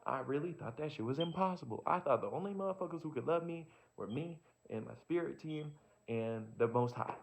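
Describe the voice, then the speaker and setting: A vlogger with a fairly high, gravelly voice rambles through a casual, reflective monologue, animated and brisk, candid and profane as he sorts out his thoughts. The recording sounds dull and lo-fi.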